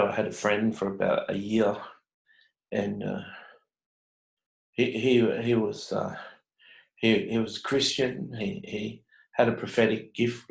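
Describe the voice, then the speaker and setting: An Australian man vlogging, telling a personal story in an earnest, halting way with many restarts. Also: on the low side, gravelly, poor audio.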